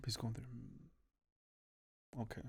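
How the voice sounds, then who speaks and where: A young man, co-hosting a podcast and telling a story in an animated, chatty way, often checking in with his listeners. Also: slow. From Birmingham, England. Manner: animated, chatty, peppers speech with "bro" and "do you know what I mean". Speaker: podcast co-host.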